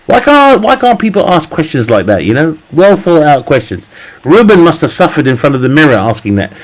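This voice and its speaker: Guy streaming a game, bit high voice, cracks himself up, swears a lot, just chatting to viewers on his mic. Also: very animated, brisk. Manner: jokey, laughs often, swears freely, teases chat. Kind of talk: casual live stream chat.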